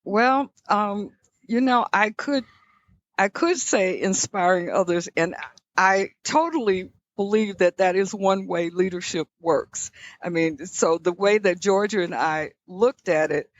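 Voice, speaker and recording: Older woman telling measured stories. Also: medium pitch, no room sound, lo-fi sound. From Southern US. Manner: reflective, measured, frequent restarts. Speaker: guest, leadership scholar. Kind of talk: conversational interview storytelling.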